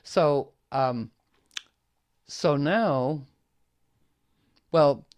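A man's voice: a little high, drawn-out words, darkish tone. A man leading a casual group chat, hesitant with many fillers, sometimes reading aloud with feeling. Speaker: discussion leader.

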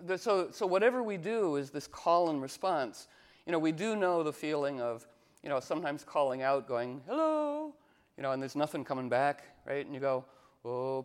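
Rambling animated man with fillers. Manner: acts out quoted voices with sudden jumps in pitch. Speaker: astrology teacher. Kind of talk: casual talk to a group.

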